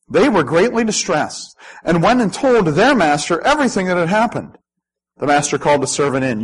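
Husky-voiced man preaching a sermon. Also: fairly high pitch, rough recording. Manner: animated preaching with dramatic scripture reading. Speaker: pastor.

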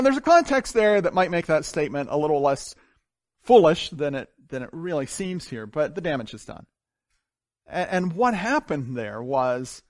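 A man preaching a sermon as pastor, telling stories with big swings from loud to hushed. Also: a little high, no room sound, studio quality. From grew up on a farm. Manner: animated storytelling with wide swings in loudness.

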